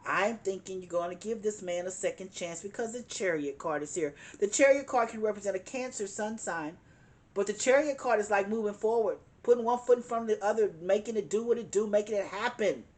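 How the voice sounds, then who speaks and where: Woman, tarot reader, emphatic, repeats herself, chuckles, mid-pitched voice. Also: brisk. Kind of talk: tarot card reading.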